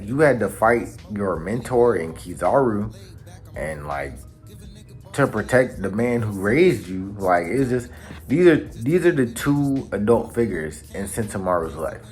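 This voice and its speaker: A man hosts a casual recap and tells the story in a slangy way. His pitch swings widely as he builds the drama. Faint music plays behind his voice. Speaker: anime channel host. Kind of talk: casual manga chapter recap.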